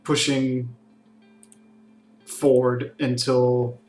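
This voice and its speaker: A man runs a tabletop game at an unhurried pace. His narration is easy and relaxed, full of small fillers, and his voice echoes around the room over faint music. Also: mid-range voice. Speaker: game master. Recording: roomy echo with faint music.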